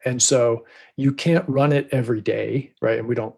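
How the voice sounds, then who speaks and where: A man's voice: mid-range voice, steady tone, moderate pace, creaky, darkish tone, slightly rough. A man appearing as a podcast guest who talks about book promotions in a loose, chatty way full of fillers and asides. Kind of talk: casual podcast conversation.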